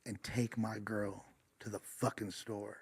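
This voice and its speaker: A man's voice: lowish voice, level tone, measured pace, creaky, darkish tone, slight background noise, pitched below the performer's own voice. A man quoting a pushy, drunk man in a crude, insistent way while telling a story. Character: drunk belligerent man demanding a favor.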